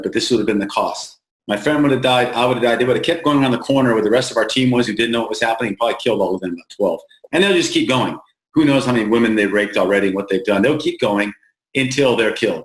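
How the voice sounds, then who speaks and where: An American man speaks plainly and earnestly as an interview guest, with frequent restarts and a slower pace when he stresses a point. His voice sits at a middle pitch. The room adds a clear echo. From United States. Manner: plain-spoken, halting restarts, slows for emphasis. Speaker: founder of an aid group, interview guest. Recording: roomy echo.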